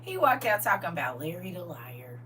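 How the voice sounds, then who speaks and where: A woman's voice: lowish voice, moderate pace. A middle-aged woman casually telling a story to her viewers, acting out the quotes and laughing as she goes. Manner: animated, laughing, acts out quotes. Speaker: livestream host. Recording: distant mic with faint hum.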